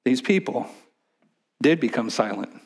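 A man preaching a sermon, swinging between loud, emphatic stretches and hushed, whispered ones. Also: mid-range voice, expressive, measured pace, gravelly, breathy edge. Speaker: pastor.

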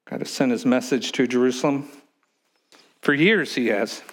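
Male pastor, middle pitch, emphatic sermon delivery that moves from loud to whispered. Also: moderate pace. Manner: emphatic preaching, swinging from loud to hushed.

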